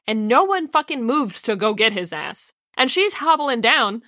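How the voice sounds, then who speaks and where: A young woman co-hosting a casual book podcast, animated and swearing freely as she laughs through her reactions. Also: fairly high pitch, moderate pace, no echo, studio quality. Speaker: podcast co-host.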